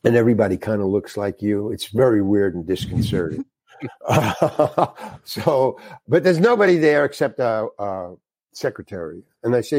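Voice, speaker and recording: An older man, a guest actor, telling a frank, animated story and acting out the dialogue in it. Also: on the low side, normal speed, dry recording. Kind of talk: anecdotal storytelling.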